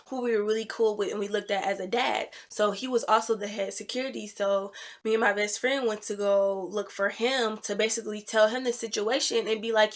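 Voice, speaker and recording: Animated young woman telling a story. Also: a little high. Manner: animated, emphatic storytelling with loud reenacted quotes. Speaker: vlogger. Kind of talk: storytime vlog.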